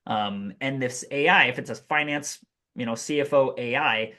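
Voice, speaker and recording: A man talking as a podcast guest, explaining business uses of AI in an energetic, casual way. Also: mid-range voice, normal speed. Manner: energetic, explanatory, lots of fillers. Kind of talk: casual interview chat.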